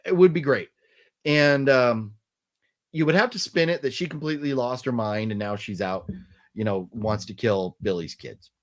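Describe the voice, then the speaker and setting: A man's voice: mid-range voice, normal speed. A man hosting a casual late-night live stream, thinking aloud in a rambling way with many restarts.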